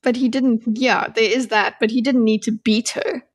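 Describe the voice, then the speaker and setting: A woman co-hosting a book-club podcast, talking earnestly and thinking out loud with many restarts. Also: fairly high pitch, steady tone, normal speed. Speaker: podcast co-host. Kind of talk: casual book-club chat.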